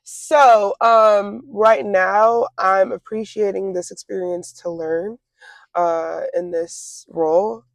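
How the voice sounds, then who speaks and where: Young woman, twenties, gravelly voice, halting and reflective, dry recording. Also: medium pitch, steady tone, dry recording. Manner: reflective, halting, with many fillers and restarts. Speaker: interview guest. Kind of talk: casual conversation.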